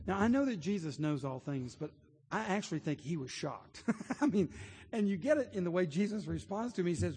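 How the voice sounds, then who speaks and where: A man's voice: sits high, animated, fairly quick, a little mellow, breathy edge. A man preaching a sermon, telling stories earnestly and building to emphatic points. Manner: earnest storytelling, rising to emphatic. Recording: long hall reverb.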